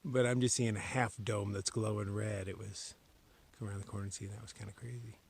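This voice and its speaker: A man vlogging alone on a forest trail at night, chatting casually to a handheld camera as he walks, sometimes dropping to a hushed whisper. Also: fairly low pitch, flat delivery, brisk, creaky, breathy edge. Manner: chatty, drifting between normal voice and hushed whispers. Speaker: solo long-distance hiker vlogging. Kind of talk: casual talk to camera while hiking.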